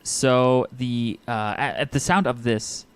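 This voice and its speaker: A man's voice: medium pitch, fairly even intonation, takes it slowly, clear, resonant tone. Easygoing man narrating as game master. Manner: easygoing, descriptive, with filler words.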